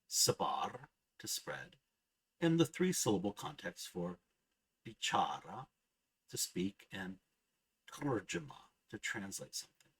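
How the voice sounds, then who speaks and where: A man narrating a scripted grammar lesson, measured and precise, slowly sounding out each example word. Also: lowish voice, slightly rough, poor audio. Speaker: language teacher.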